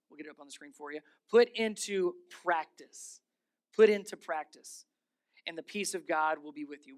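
Animated male pastor preaching a sermon. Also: high voice. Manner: animated storytelling, repeats key phrases, asks the congregation questions. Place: church.

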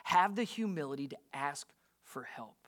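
A man's voice: on the high side, expressive, normal speed, fairly bright tone. A man preaching a sermon as a pastor, emphatic and full of rhetorical questions to his listeners.

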